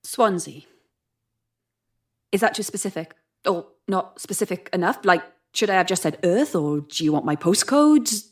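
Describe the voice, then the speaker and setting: An actress playing a sarcastic, sharp-tongued young woman who swears often and stays defiant while frightened. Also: fairly low pitch, expressive, moderate pace. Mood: wry. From Wales. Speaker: traveler at a strange customs desk. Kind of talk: audio drama acting.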